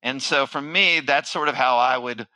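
A man's voice: mid-range voice, normal speed, sharp tone, no room sound, rough recording. A middle-aged man giving a keynote, telling a story with animation and acting out his own panic. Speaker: keynote speaker, marketing firm founder.

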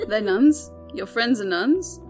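A woman running a tabletop game as game master, playful and quick to laugh. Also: a little high, sing-song, darkish tone, soft background music.

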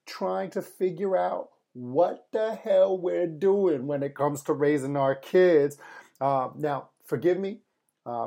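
Young male podcast host, new father, warm mellow voice, loose and self-deprecating delivery. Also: fairly high pitch, gravelly. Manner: chatty and self-deprecating, with mild swearing. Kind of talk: casual solo podcast monologue.

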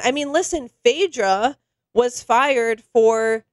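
A woman co-hosting a chatty podcast, retelling scenes in an animated way and peppering her talk with "like.". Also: fairly high pitch, moderate pace, no room sound. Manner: animated storyteller, heavy use of "like". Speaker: podcast co-host. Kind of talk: casual chat, animated retelling.

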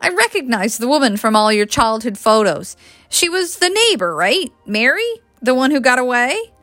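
A woman reading the lines of a brisk, pushy young woman who teases and presses. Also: high-pitched, big pitch swings, fairly bright tone, no room sound, soft background music, voice pushed up. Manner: teasing, pressing.

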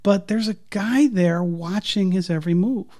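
A man's voice: high voice, moderate pace, a little mellow. A man co-hosting a podcast, making thoughtful points in a casual film discussion. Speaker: podcast co-host.

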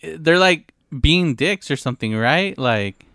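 A man hosting a casual podcast chat, relaxed and quick to laugh, on a close mic. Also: a little high, no echo. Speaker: podcast host.

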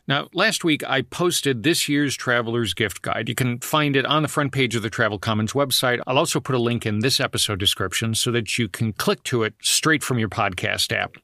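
A man's voice: medium pitch, normal speed, bright, forceful tone, no echo, studio quality. A man hosting a solo travel podcast, telling stories in a conversational way with frequent asides. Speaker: podcast host.

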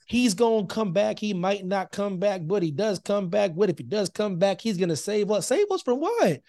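A man co-hosting a casual podcast, talking in a high register. He is emphatic and repeats himself to keep the floor. The sound is dry and close. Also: animated, normal speed, dark tone, no echo. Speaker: podcast co-host.

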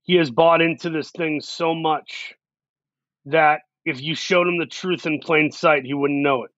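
A man's voice: fairly high pitch, steady tone, unhurried, fairly bright tone, no echo, lo-fi sound. A man talking in a casual interview, earnest and reflective, working through his ideas in long, run-on thoughts. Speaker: actor, guest.

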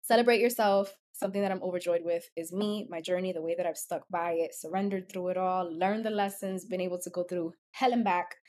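Woman in her 30s rambling heartfelt on a podcast, lowish voice. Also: fairly even intonation, fairly quick, hardly any pauses, darkish tone. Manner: heartfelt, emotional, rambling with fillers. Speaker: podcast co-host. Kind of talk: casual chat.

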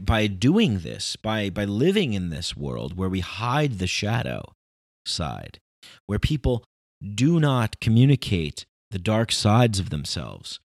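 Guy rambling about big ideas, lowish voice, dry close sound. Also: no echo. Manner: rambling, philosophical, emphatic. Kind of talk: casual reflective monologue.

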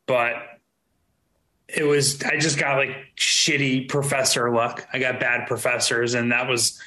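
A man co-hosting a podcast, chatting in a relaxed, rambling way full of fillers. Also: mid-range voice, measured pace, poor audio. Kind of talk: casual chat.

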